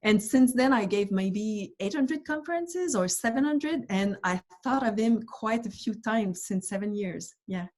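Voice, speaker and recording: A woman guest speaker telling a story at a live event, lively and animated, often restarting her phrases. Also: medium pitch, unhurried, hardly any pauses. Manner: lively, animated, acts out quoted exchanges. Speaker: guest speaker, ocean rower.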